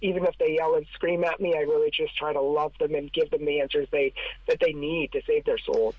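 A man's voice: a little high, fairly even intonation, a little fast, no room sound, phone-quality sound. A man talking as a podcast guest, telling his story in an earnest, emphatic way and counting off his points. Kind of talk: casual storytelling.

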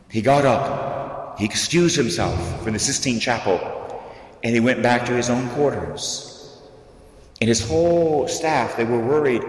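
A man preaching as a priest, slow and dramatic, his voice swinging up and down in pitch. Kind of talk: sermon. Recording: echoey hall, voice from the mic at a distance.

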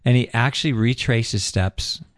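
A man's voice: mid-range voice, measured pace, dry recording. Man telling an earnest story, dry sound. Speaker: guest. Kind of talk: storytelling on a radio talk show.

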